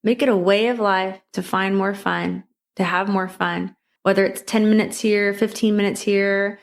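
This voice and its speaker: A middle-aged woman speaks as the host of her own motivational podcast. She talks in an upbeat, encouraging way, repeating her calls to action and lifting her voice for emphasis. Her pitch sits in a middle range. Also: fairly even intonation, moderate pace, creaky. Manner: repetitive exhortations.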